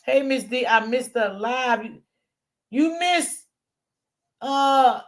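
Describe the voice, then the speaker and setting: A woman hosting a casual livestream commentary channel, talking straight to her chat, loud, profane and often laughing. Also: high voice, animated, slow pace, pauses often.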